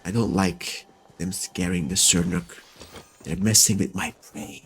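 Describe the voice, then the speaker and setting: This let's-play host sits low in pitch and keeps a measured pace while chatting casually over his video game and speaking to its characters. A little hiss or hum marks the recording, and faint game music plays underneath.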